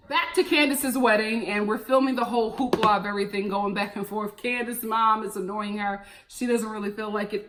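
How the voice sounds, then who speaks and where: A young woman gives blunt, teasing commentary on a reality show. Her high voice leaps all over the place, and her tone is bright and sharp. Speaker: reality TV reviewer. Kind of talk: casual commentary.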